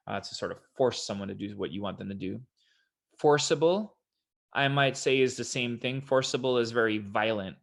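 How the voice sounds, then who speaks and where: A man's voice: fairly low pitch, a bit bright. A man tutoring for a college entrance test, casually walking through answer explanations in an online lesson. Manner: casual, explanatory, quotes examples in a put-on voice. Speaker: SAT tutor. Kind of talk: online test prep walkthrough.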